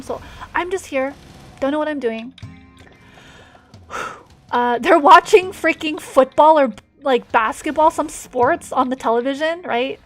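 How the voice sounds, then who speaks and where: A high-pitched woman streamer recounts a personal memory in candid, emotional speech, full of restarts and fillers. Her voice swings from hushed to loud. Faint game music plays under her. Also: steady tone, moderate pace.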